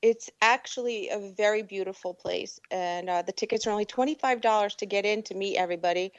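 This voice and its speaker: Chatty, excitable woman on radio. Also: medium pitch, a little fast, no echo, highs cut off. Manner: chatty, excitable, laughs often. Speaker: radio guest and event organizer. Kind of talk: casual radio chat.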